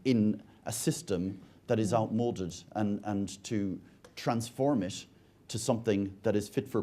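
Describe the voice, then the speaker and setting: A man's voice: on the low side, mellow. An Irish man speaking on a conference panel, often stumbling and repeating words as he restarts his sentences. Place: conference stage.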